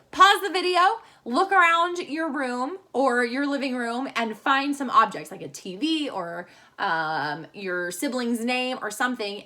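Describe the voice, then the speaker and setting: Bright high-voiced woman teaching kids. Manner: cheerful, slow and clear for young kids. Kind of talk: children's video lesson. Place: home room. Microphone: phone camera at arm's length.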